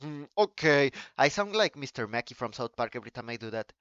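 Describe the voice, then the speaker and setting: Excitable, foul-mouthed male streamer. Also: mid-range voice, fast, no room sound, highs cut off. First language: Spanish. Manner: excitable, profane ranting with restarts. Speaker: live streamer. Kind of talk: casual live-stream chat.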